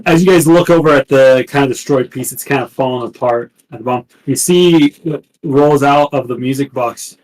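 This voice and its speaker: A man's voice: medium pitch, moderate pace, few pauses, darkish tone, low-quality recording. Male game master, rambling descriptive narration.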